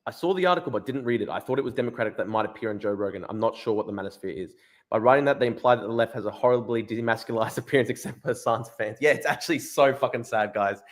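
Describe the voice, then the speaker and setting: A young man hosting a casual livestream, reading chat and article lines, blunt and profane, often repeating himself. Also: medium pitch. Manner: blunt, swearing, quick asides; repeats phrases, restarts. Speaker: livestream host.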